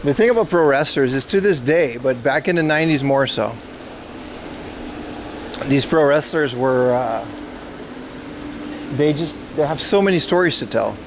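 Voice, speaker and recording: A man's voice: on the high side, animated, normal speed, long pauses, background noise. A man hosting a casual livestream outdoors on a city street, joking and answering his chat as he walks. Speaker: livestream host.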